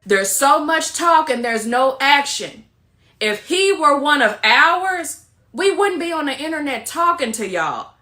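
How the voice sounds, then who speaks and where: A woman's voice: sits high, very animated, measured pace, bright, forceful tone. A woman in a social media video, lecturing her audience in a preachy tone.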